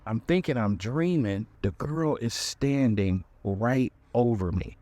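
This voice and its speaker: A male podcast host telling a comic dating story in an animated, conversational way, acting out the voices he quotes. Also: mid-range voice, slow pace, dry recording.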